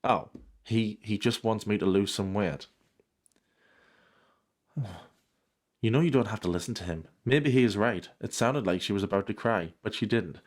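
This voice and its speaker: Low-voiced guy reading a story out loud, keeps cutting in with dry sarcastic jokes. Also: moderate pace, pauses often. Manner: dry sarcastic interruptions, mock outrage. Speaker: commentary host reading a fan story. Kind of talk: comedic reading with sarcastic asides.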